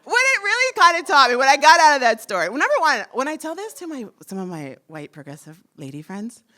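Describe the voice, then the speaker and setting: A woman in her forties telling a personal story on stage, lively, acting out the voices she quotes. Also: sits high, quick pace. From United States. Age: 40s. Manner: animated, acts out quoted voices.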